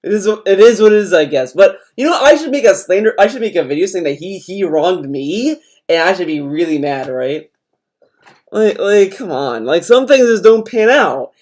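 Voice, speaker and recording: A man's voice: high voice, animated, normal speed, a little mellow. A young adult man streamer ranting in casual chat, swearing often and rambling as he talks. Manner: profane, rambling rant.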